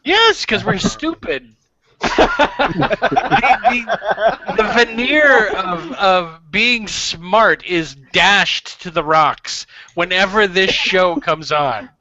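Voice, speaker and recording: Man, high bright voice, unhurried, crude laughing co-host, lo-fi call audio. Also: animated. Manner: laughs often, self-mocking. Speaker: podcast co-host. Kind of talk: crude casual banter.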